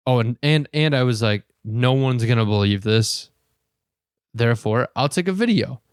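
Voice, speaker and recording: A man's voice: fairly low pitch, clear, resonant tone, dry recording, studio quality. A man co-hosting a podcast, telling a long crude story casually and laughing often. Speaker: podcast co-host.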